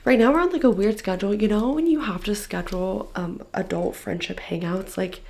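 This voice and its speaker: Young woman, twenties, tired, chatty, gravelly voice, casual bedroom vlog. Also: medium pitch, brisk, a little mellow. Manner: chatty, frequent "like" fillers. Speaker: book vlogger.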